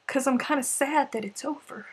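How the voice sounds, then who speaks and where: A woman hosting a crochet live stream, chatting casually and emotionally with viewers, turning teary and then laughing, rambling with restarts. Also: sits high. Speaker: crochet livestream host.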